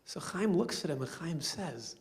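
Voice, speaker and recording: A man speaking as a rabbi storyteller at a banquet, animated and acting out the characters in his story. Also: on the high side, normal speed. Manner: animated, acting out quoted voices. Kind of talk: storytelling speech. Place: banquet hall.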